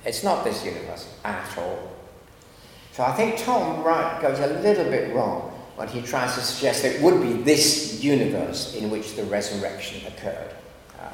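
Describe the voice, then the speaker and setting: Wry man lecturing in an echoey hall. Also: mid-range voice. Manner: lively, wry and digressive, with asides and chuckles. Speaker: philosopher giving a lecture. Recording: echoey lecture hall with faint background noise.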